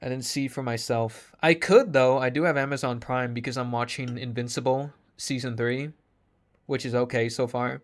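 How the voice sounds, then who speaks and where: A man's voice: mid-range voice, fairly even intonation, moderate pace. A man ranting casually to his stream chat, sarcastic, swearing freely, laughing often.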